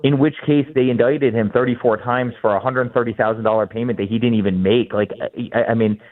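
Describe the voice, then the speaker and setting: A man's voice: medium pitch, steady tone, a little fast. A man in his forties, the guest in an interview, speaking emphatically and often repeating words as he starts sentences. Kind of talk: fast, heated interview talk. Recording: tinny phone-line sound.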